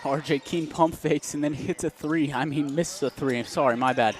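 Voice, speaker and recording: A young man calls a college basketball game in a loose, joking way, laughing often between plays. His voice sits a little high for a man, and he talks close to the microphone, so his breathing comes through. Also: moderate pace. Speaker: student sports commentator. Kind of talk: casual play-by-play commentary.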